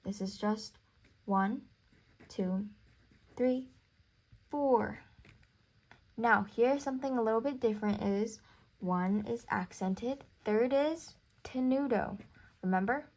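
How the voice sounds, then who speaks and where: A woman's voice: fairly high pitch, takes it slowly, long pauses, darkish tone. A young woman teaching a music theory lesson, counting beats aloud and apologizing for small slips.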